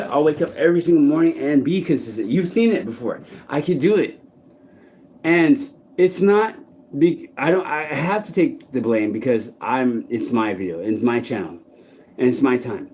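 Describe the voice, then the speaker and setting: A man vlogging outdoors in a park, speaking in a blunt, halting monologue full of restarts and swearing. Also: a little high, animated, darkish tone, a little hiss or hum. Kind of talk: candid personal monologue.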